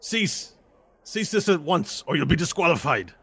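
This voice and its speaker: A man voicing a gruff human match official who sternly orders a competitor to stop. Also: fairly high pitch, big pitch swings, moderate pace, fairly bright tone, voice pushed up, heavily acted. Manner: stern, commanding.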